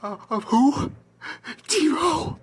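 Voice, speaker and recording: A woman's voice: high voice, lively intonation, slow. A woman playing a distraught fantasy football manager in a comedy skit, sobbing, whispering and panicking. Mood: tearful, guilty. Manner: sobbing, whispering, swinging between panic and despair.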